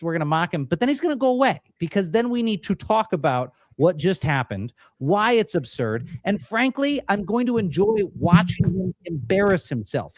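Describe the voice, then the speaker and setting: A man hosting a political commentary livestream, talking in an animated, mocking, rallying way. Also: sits high, no echo, clean studio sound. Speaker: livestream host.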